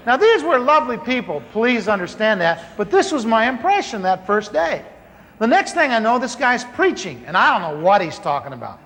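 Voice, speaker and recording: A man telling a comic story from the pulpit, acting out the dialogue in a lively way. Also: extremely high pitch, normal speed. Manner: animated, comic, acts out dialogue. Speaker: preacher telling his conversion story. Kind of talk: storytelling sermon. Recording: large hall reverb, faint ambience.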